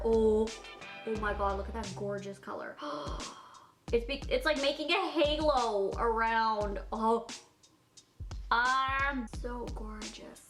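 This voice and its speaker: Young female beauty vlogger, gushing and giggly, slightly high voice, music playing underneath. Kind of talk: casual makeup tutorial chat.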